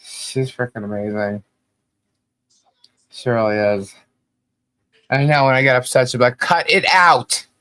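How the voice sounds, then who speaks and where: A woman's voice: very deep voice, fairly even intonation, measured pace, pauses often, no echo. A woman co-hosting a podcast in casual chat, fondly and emotionally reminiscing and laughing often. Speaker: podcast co-host.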